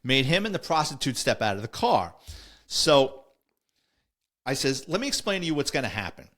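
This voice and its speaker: A man's voice: medium pitch, normal speed. A middle-aged man tells stories from his police days. He talks casually and jumps into the voices of partners and suspects as he goes. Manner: animated, acts out the people he quotes. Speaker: retired police officer telling stories. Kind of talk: casual storytelling.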